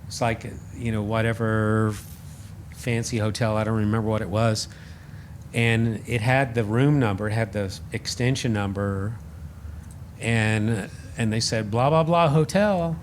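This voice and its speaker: Animated storytelling man. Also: lowish voice, unhurried, a little hiss or hum. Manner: animated, self-deprecating, acts out quoted voices. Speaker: podcast guest, radio host. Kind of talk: casual storytelling interview.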